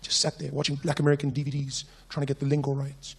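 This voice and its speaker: A South African man doing stand-up comedy, telling stories in an animated, playful way. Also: mid-range voice, fast, creaky, hardly any pauses, slight background noise.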